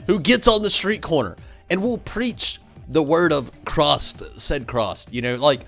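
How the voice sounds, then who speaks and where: A man streaming games, chatting casually and telling rambling, animated stories full of fillers. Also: on the high side, measured pace, vocal fry, soft background music. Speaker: game streamer. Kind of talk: casual chat while streaming.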